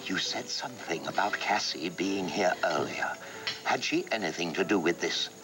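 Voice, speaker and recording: An actor playing a wealthy lord who gently reassures his daughter in a soap opera, slow and calming. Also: deep voice. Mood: soothing. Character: aristocratic father, protective and soothing. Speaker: wealthy English lord and doting father. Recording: distant mic with music under it.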